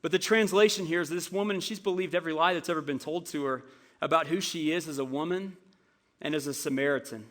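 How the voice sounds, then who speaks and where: A man preaching a sermon as pastor, telling a story in an animated way with frequent stammered restarts, in a church. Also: fairly high pitch, fast talker. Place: church sanctuary.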